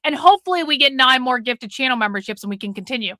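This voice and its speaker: Bright-voiced, blunt woman streamer. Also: sits high, animated, quick pace, no echo. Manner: profane, blunt, nags the chat. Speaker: live-stream host. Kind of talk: casual live-stream chat with viewers.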